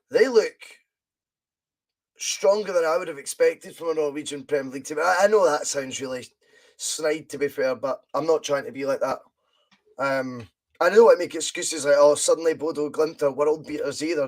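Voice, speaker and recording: A Scottish man with a slightly higher-than-usual voice gives chatty live fan commentary on a match as a podcast host. He talks along casually, reads out viewer comments, and breaks into excited shouts whenever his side goes close. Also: normal speed.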